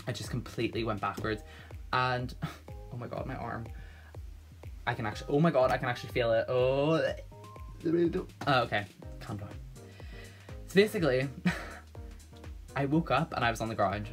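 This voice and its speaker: A young man rambles through a personal story for his vlog, nervous and full of fillers and false starts. His pitch sits in an ordinary middle range. Faint music runs quietly behind him. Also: normal speed, pauses often. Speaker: vlogger telling a story. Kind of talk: casual storytime monologue. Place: at home.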